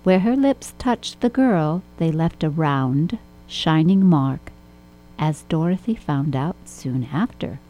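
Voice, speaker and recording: A woman narrating a children's storybook with a steady, expressive reading. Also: low-pitched, takes it slowly, low-quality recording.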